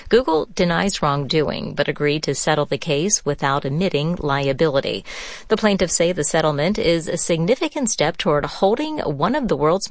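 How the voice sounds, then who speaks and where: Low-voiced female radio newscaster. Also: no room sound.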